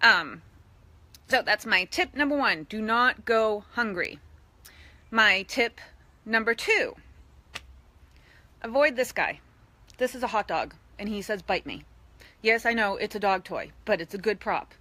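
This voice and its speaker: Bright, chatty raised woman. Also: mid-range voice, animated, measured pace, long pauses. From East Boston, USA. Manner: chatty, with playful voiced asides. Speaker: fitness coach. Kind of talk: live social media video.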